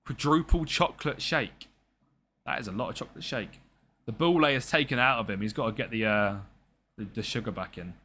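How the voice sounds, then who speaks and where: A young man chats and jokes with viewers while streaming a football management game. His mid-range voice is a little fast and has a sharp tone.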